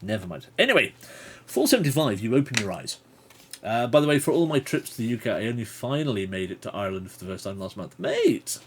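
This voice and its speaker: A man hosts a livestream where he reads a gamebook aloud and trades playful, chatty asides with viewers. His mid-range voice is husky and sing-song, and he talks fast.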